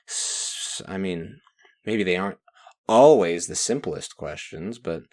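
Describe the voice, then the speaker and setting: A man's voice: low voice, animated, normal speed. A young man recapping his week from a journal in a rambling, profane monologue that swings into rants. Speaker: vlogger reading his journal.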